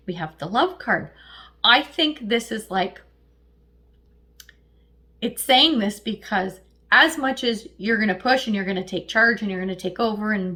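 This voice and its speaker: A middle-aged woman giving a casual, chatty tarot reading, lively and slangy, often laughing. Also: medium pitch. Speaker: tarot reader.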